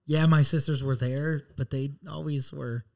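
A man in casual conversation with mid-range pitch, laid-back and easygoing. He mixes his own memories with follow-up questions. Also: normal speed, vocal fry. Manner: relaxed, asks follow-up questions. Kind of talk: casual chat.

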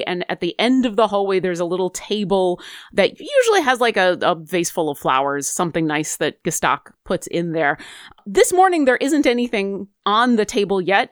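A woman game master narrating a tabletop game in a lively, descriptive, conversational way. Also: medium pitch, clean tone, no echo, studio quality.

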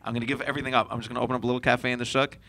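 A man with a mid-pitched, gravelly voice speaks in a casual chat. He talks reflectively and haltingly, with frequent restarts and soft laughs. He comes across as a co-host sharing personal thoughts. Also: level tone.

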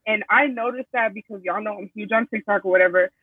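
A man with a high, somewhat husky voice joins the discussion, emphatic and slangy. He comes through a tinny phone line, a little far from the mic. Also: fast talker, no echo. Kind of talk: casual discussion.

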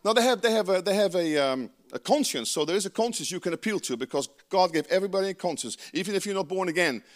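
A pastor from the Netherlands with a Dutch accent delivers a lively, emphatic sermon at a fast pace. His voice is high for a man and leaps up and down with each point. He addresses the congregation directly and breaks off into asides.

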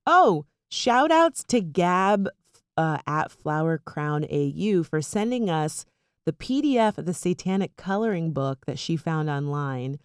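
A young woman co-hosting a podcast in casual chat, animated and full of "like" fillers. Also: sits low, measured pace, clear, resonant tone, no echo, clean studio sound. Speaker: podcast co-host.

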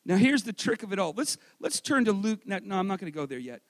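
A man preaching a sermon in a strikingly high voice that leaps up and down with animation. He preaches loudly and energetically, then drops into quiet, joking asides about himself. His delivery keeps swinging between near-shouting and soft, confiding remarks. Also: fast, long reverb tail. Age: adult, married. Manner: energetic, loud preaching with self-deprecating asides. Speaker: pastor.

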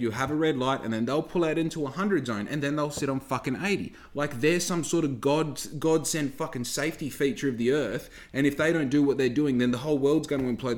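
A man's voice: mid-range voice, darkish tone. A man hosts a podcast and rants at his listeners. He swears freely and talks to the audience directly in a loose, heated tone. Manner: heavy swearing, ranting, talks straight to listeners. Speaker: podcast host. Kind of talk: casual podcast rant.

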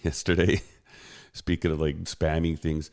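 A man chatting casually with a friend over an online call, telling animated stories and laughing often. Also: a bass voice, unhurried. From Canada. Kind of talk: casual chat. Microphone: headphones on an online call.

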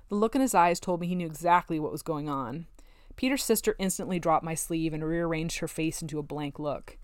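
A woman narrating a novel in the first person, with steady, wry storytelling. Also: deep voice, fairly quick, no room sound, clean studio sound. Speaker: audiobook narrator.

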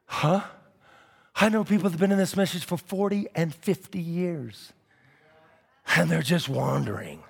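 A man preaching a sermon. He shifts between shouted declarations and low, wry asides, and he calls on the congregation for responses. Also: a little slow, vocal fry, long pauses, slightly rough, big-room sound.

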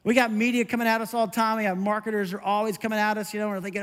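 A middle-aged male pastor preaching a conversational, animated sermon. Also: sits high, rapid-fire, clear, resonant tone, big-room sound. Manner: conversational, animated, self-interrupting with laughs.

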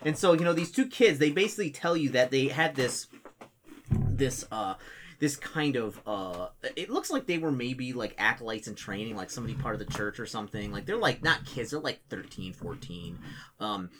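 A man's voice: mid-range voice, lively intonation, moderate pace, a bit bright. Gm guy telling the scene, lots of "like" and restarts, bit of hiss behind. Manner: rambling, many fillers and restarts, acts out townsfolk. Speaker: game master. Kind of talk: narrating a tabletop game.

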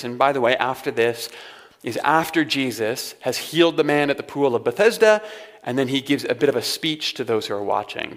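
Chatty preacher with a light humor. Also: male voice, medium pitch, fairly bright tone. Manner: conversational, with wry humorous asides. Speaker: pastor. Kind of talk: sermon. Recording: long hall reverb.

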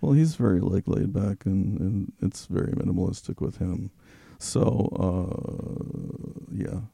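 A man with a gravelly, creaky voice telling stories in a relaxed, chatty way. He comes across as an experienced voice actor who laughs easily. The sound is dry and close, with no room echo. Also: low voice, takes it slowly. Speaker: voice actor guest. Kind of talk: casual podcast chat.

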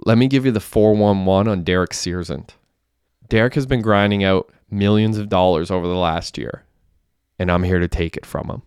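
A man's voice: deep voice, moderate pace, a little mellow, clear, resonant tone, no echo, studio quality. A man doing a sneering male gunman. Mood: threatening. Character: cold, mocking male gunman.

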